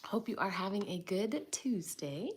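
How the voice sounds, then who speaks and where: A woman hosting a casual livestream from home, speaking softly and hesitantly with lots of ums, while a dog barks now and then. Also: medium pitch, lively intonation, unhurried, slight background noise. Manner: soft-spoken, hesitant with many ums. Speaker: livestream host. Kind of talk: casual live chat.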